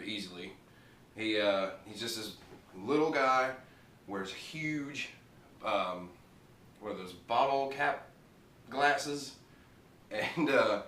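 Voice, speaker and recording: The man's voice is fairly low and a bit bright as he casually rambles through a TV show review. He swears freely and laughs at his own jokes, and the audio has an echoey room, distant mic, and faint noise.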